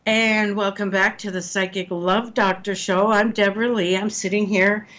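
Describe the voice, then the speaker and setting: A middle-aged woman hosting a relationship advice call-in radio show. She speaks in a warm, motherly way and teases her co-host. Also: mid-range voice, level tone, normal speed. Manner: warm, motherly, teasing with guests. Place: radio studio.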